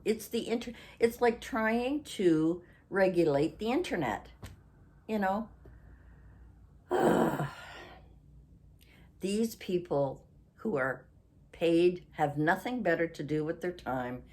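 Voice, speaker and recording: A woman's voice: lowish voice, a little mellow. A woman in her sixties from Canada, hosting a chatty craft vlog, rambling and losing her train of thought, then ranting indignantly. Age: 60s. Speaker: craft channel host.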